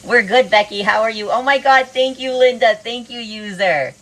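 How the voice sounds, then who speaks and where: A woman's voice: fairly high pitch, normal speed, fairly bright tone. A woman from the US East Coast on a cooking livestream, bubbly, greeting viewers one after another and saying "oh my God" a lot. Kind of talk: casual livestream chat.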